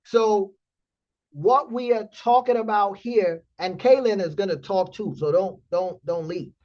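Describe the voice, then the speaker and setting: A man hosting a trading community stream, telling a story in blunt, animated casual talk with profanity. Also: sits high, unhurried, highs cut off.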